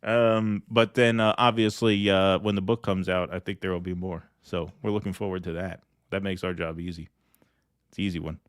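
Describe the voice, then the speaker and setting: A man's voice: deep voice, flat delivery, normal speed, dry recording, clean studio sound. A man co-hosting a political podcast, loose and joking, who laughs often. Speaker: podcast co-host. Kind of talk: casual political commentary.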